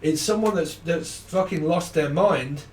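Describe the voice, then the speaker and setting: A man's voice: a little high, unhurried, darkish tone, recorded from a distance. Chatty, swearing man in a roomy room. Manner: rambling, profane and chatty, laughing often. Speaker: tarot reader. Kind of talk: casual unscripted tarot reading. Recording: roomy sound from off the mic.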